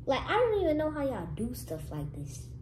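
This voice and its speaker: A young woman chatting casually to camera in a vlog, lively and sometimes dropping to hushed whispers. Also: high-pitched, fairly quick, very noisy. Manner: lively, switches to hushed whispers when nervous. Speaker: vlogger.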